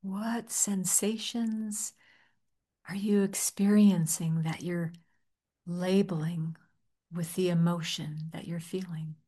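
A woman leading a guided meditation in a gentle, soft-spoken manner, with long pauses. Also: lowish voice, fairly even intonation, slightly rough. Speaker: meditation teacher.

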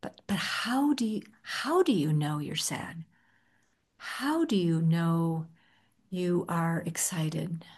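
A woman leading a guided meditation in a gentle, soft-spoken manner, with long pauses. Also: on the low side, husky. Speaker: meditation teacher.

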